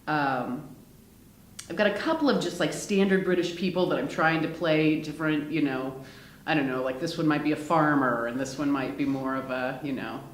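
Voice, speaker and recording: An actress chatting casually in an interview, laughing often and using plenty of fillers. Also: female voice, low-pitched, moderate pace, slight background noise. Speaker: actress in a one-woman show. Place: lounge at a theater. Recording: roomy echo.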